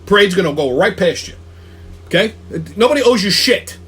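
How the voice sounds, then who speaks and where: A man hosts his own weekly commentary show and rants in an angry, foul-mouthed flow. His voice sits high for a man and has a husky edge. He keeps asking "okay?" and trips over his words as he pushes on. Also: animated, normal speed, a bit bright. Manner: profane, combative, repeats "okay?" and restarts words. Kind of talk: angry opinion rant.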